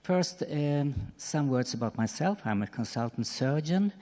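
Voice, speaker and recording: A man, a surgeon giving a measured conference presentation with soft ums. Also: fairly high pitch, lively intonation. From Sweden. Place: conference hall. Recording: reverberant conference hall.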